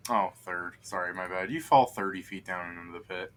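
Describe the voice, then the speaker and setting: Bright-voiced, joking male game master. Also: sits low, brisk, a little hiss or hum. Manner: laughs a lot, relaxed and joking. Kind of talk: casual game narration.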